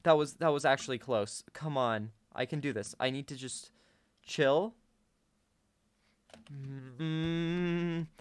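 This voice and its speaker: An excitable young man talks his viewers through a game at his computer desk, gasping and laughing between remarks. His voice comes through smooth and clear. It sounds dry and close to the mic. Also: medium pitch, moderate pace, no room sound. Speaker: gaming YouTuber. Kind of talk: casual gameplay commentary.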